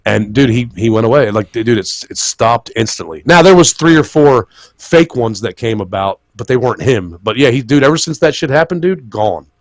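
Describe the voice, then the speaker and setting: A man's voice: medium pitch, animated, moderate pace, no echo, studio quality. A man hosting a casual live podcast, profane and ranting as he talks. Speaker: podcast host.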